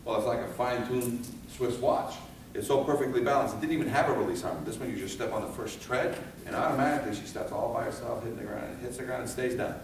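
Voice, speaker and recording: A man giving a fire safety seminar, animated and firing rhetorical questions at his audience, recorded in a seminar room. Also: mid-range voice, quick pace, slight background noise. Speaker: fire escape safety instructor. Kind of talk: seminar lecture. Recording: echoey hall from far off.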